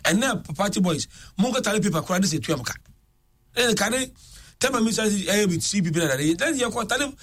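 A man hosting political talk radio, switching between English and Twi with excitable commentary. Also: sits high, fairly quick, slightly rough.

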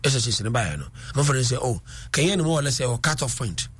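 A middle-aged Ghanaian man in a casual discussion, telling animated stories and switching between English and Twi. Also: medium pitch, fast talker, breathy edge, soft background music.

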